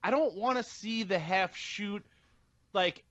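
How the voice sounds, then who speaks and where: A man's voice: high-pitched, slow pace, a bit bright, dry recording, muffled recording. A man, co-hosting a wrestling podcast in casual chat, blunt and profane as he rambles through his opinions. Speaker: podcast co-host.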